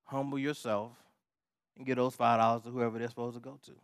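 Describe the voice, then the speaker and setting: A man's voice: medium pitch, level tone, fast, clear, resonant tone, dry recording, clean studio sound. A male pastor preaching a sermon, emphatic and repetitive, with casual asides to the congregation.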